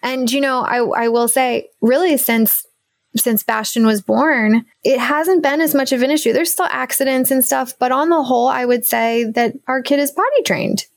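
A young adult woman speaking earnestly and reflectively in a candid faith conversation, with soft laughs and a teary edge. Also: high voice, normal speed, creaky, no room sound.

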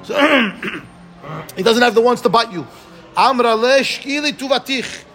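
A man's voice: extremely high pitch, soft background music. A man teaching a Talmud class, reading Aramaic and explaining it phrase by phrase in English, often checking with listeners. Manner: quick, animated, asks listeners "right?".

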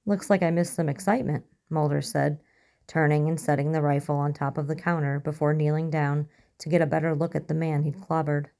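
Woman narrator, low voice, mellow tone, measured audiobook reading. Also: completely flat delivery, vocal fry.

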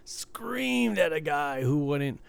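Gravelly casual man rambling. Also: on the high side, takes it slowly, no echo. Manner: rambling, animated storyteller, swears freely. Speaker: podcast co-host. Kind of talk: casual chat.

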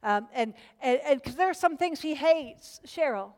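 A woman's voice: high-pitched, expressive, moderate pace, a little mellow, big-room sound. A woman leading a group Bible study, speaking earnestly, repeating words as she starts a thought and putting questions to the group.

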